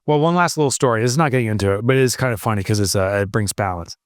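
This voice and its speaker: A middle-aged man from New Jersey co-hosting a podcast, chatting casually and telling animated stories. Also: on the low side, very fast, dry recording, studio quality. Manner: animated storyteller, mimics other people's voices. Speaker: podcast co-host. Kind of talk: casual chat.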